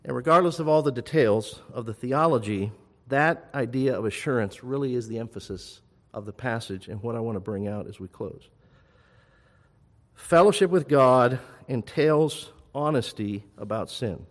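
A man preaching a sermon as pastor, rising to loud urgent appeals and dropping to soft, hushed reassurance. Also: mid-range voice, moderate pace, long reverb tail.

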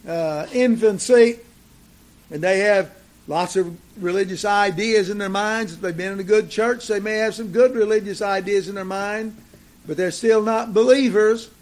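Slow, deliberate older male preacher. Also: high voice. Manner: slow, deliberate preaching with repeated phrases and fillers. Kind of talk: sermon.

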